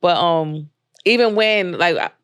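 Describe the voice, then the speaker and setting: A young woman from Brooklyn with a New York accent, chatting casually as a podcast guest, laid-back and quick to laugh. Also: fairly low pitch, clean tone, no echo, studio quality. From East New York, Brooklyn. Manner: laid-back, laughs often, acts out voices in anecdotes. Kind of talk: casual interview chat.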